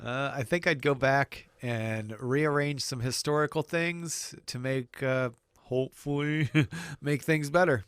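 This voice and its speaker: A man co-hosting a radio show, trading quick jokes and laughing at his own lines. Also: medium pitch, steady tone, a bit bright, clear, resonant tone, dry recording, studio quality. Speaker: radio co-host. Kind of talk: casual radio banter.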